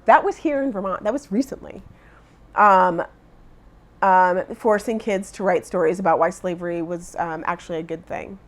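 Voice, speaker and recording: Woman, middle-aged, low pitch, measured, earnest, emphatic, advocate. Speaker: education advocate. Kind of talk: interview.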